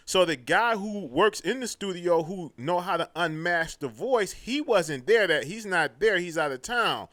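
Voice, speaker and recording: A man hosting a casual livestream chat, telling stories in an animated, profane way with mocking imitations. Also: high-pitched, normal speed, few pauses, dry recording. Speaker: show host.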